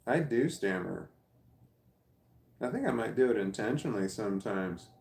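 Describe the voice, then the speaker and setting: A man's voice: fairly low pitch, expressive, moderate pace, vocal fry, a little mellow, echoey room. A man chatting casually on a live stream, reading comments aloud and answering them, who stammers and repeats words as he searches for what to say. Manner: rambling, thinks aloud. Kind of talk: casual chat.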